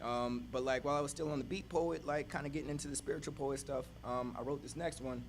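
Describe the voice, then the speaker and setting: A man's voice: medium pitch, steady tone, fast talker, a little hiss or hum. A man poet chatting casually from the stage between poems at a church service, laid-back, with lots of fillers and "y'all".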